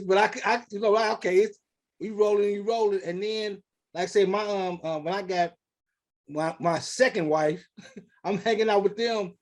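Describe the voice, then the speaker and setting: A man hosting an interview, telling stories in an animated, rambling way. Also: sits high, moderate pace. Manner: animated, rambling storytelling with quoted dialogue. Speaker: show host. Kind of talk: casual conversational interview.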